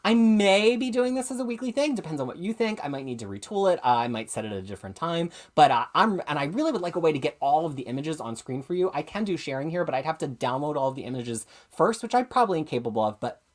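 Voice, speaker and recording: Fast, chatty comics show host. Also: medium pitch, very animated. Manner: rapid, chatty, self-aware rambling; enthusiastic, opinionated. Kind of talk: casual live-stream chat.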